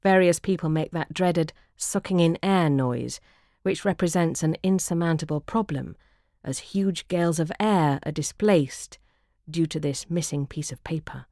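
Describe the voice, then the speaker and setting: A woman reading her travel memoir aloud as narrator, dry and wry in a measured way. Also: low voice, warm tone, no room sound.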